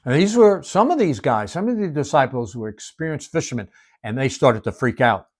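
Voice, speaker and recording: A male preacher tells Bible stories with great drama. His pitch moves widely and his voice sits at an average height. He drops to near-whispers to drive a point home. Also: expressive, brisk. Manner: dramatic storytelling, dropping to hushed whispers for emphasis. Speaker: Bible teacher. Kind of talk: expressive Bible-study sermon.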